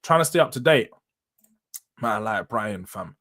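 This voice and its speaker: A man's voice: lowish voice, expressive, normal speed, a bit bright. A young man with a London accent hosting a casual football live stream, bantering with the chat in slang. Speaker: host.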